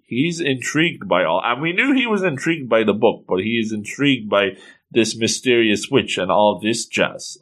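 A man reading a comic aloud with casual, excitable commentary, breaking in with playful exclamations. His voice is bright and forceful at a mid pitch. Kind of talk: casual read-along commentary.

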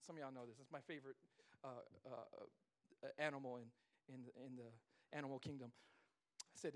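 A man in his thirties preaching a sermon as pastor, playful and animated, laughing often between stories. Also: medium pitch, quick pace.

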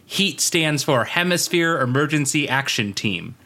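A man's voice: fairly high pitch, lively intonation, measured pace, bright, forceful tone. A man co-hosting a podcast, chatting casually through trivia with plenty of asides and fillers. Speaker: podcast co-host. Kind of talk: casual chat.

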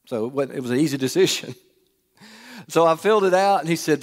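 A man's voice: on the high side, fast, long pauses. A middle-aged man, preaching as he tells a humorous personal story and throws questions to the audience. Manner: folksy, asks the audience questions. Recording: long reverb of a large hall.

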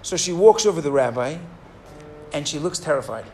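A man teaching a Torah class, telling a story in an animated, digressive way and acting out the people in it. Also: on the high side, brisk, slight background noise. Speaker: rabbi teaching.

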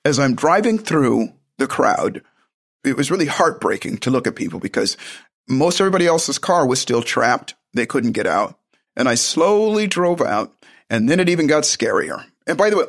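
A man's voice: on the high side, very animated, normal speed. A man telling a personal story in a casual, rambling way, with frequent restarts and side remarks.

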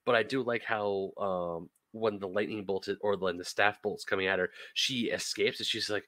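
A man on a podcast panel, casually chatting about a film and explaining scenes step by step in a measured way. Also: on the low side, fairly even intonation, fairly bright tone, dry recording. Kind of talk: casual movie review chat.

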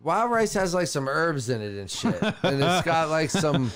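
Guy a bit high-pitched, halting and unsure, chatting with friends. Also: sing-song, clean tone. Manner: hesitant, halting. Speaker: podcast co-host. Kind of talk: casual banter among friends.

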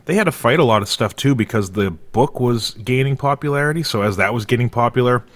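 A man's voice: mid-range voice, fast, fairly bright tone. A man co-hosting a podcast, chatting casually and sharing behind-the-scenes movie trivia. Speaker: podcast co-host.

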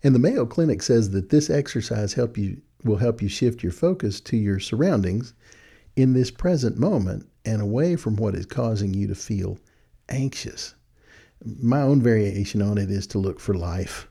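A man's voice: lowish voice, lively intonation, moderate pace, vocal fry, dark tone, husky. A man hosting a podcast, talking in a folksy, casual way at a desk microphone and chuckling at his own points. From Texas. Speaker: podcast host. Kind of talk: casual spoken reflection. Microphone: studio mic with headphones at a desk.

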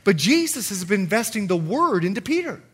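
A middle-aged man preaching a sermon as pastor, telling stories with lively, acted-out voices. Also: high voice, fairly quick, breathy edge. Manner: animated storytelling, acting out quoted voices.

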